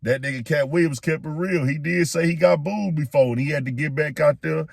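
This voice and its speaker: A man's voice: on the high side, fairly quick, creaky, no room sound, clean studio sound. A man hosting his own online commentary show, talking in a laid-back, slangy, hyped-up way. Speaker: YouTube commentary host. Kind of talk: casual commentary vlog.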